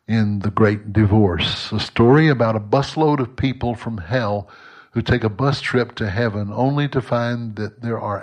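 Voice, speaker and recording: A man giving a devotional reflection in an earnest, measured way, and reading aloud. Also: lowish voice. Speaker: devotional speaker.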